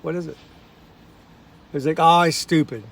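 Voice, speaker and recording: A man, a songwriter, telling stories in a relaxed, folksy way and acting out the voices of the people in them. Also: a little high, normal speed, vocal fry. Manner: folksy, acts out quoted voices. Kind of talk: casual storytelling monologue.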